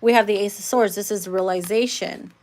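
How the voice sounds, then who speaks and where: A woman's voice: mid-range voice, fairly even intonation, a little fast, a little mellow. A woman giving a casual live tarot reading, talking bluntly and swearing freely. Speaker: tarot reader.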